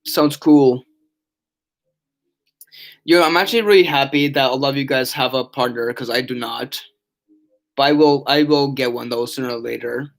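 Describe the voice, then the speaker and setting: A man's voice: mid-range voice, brisk, vocal fry. A tired young man chatting on a casual live stream, reading chat aloud and rambling with many restarts and fillers. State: yawning, tired.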